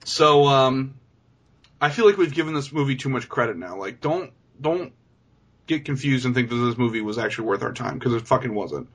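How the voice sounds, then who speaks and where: A man's voice: medium pitch, animated, fairly quick, a bit bright. A man co-hosting a podcast in casual chat, ranting with lots of swearing and "like". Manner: profane, ranting, many "like"s. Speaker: podcast co-host.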